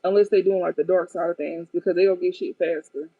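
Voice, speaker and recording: A woman's voice: fairly low pitch, steady tone, brisk, slightly rough, no room sound. A woman giving a casual tarot reading to her viewers, blunt and profane, often cracking up at the cards. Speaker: tarot card reader. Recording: tinny phone-like dry sound.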